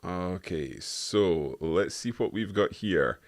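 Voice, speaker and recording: A man's voice: low-pitched, animated, slow pace. A man co-hosting a live online language lesson, chatty and prone to correcting himself with a laugh.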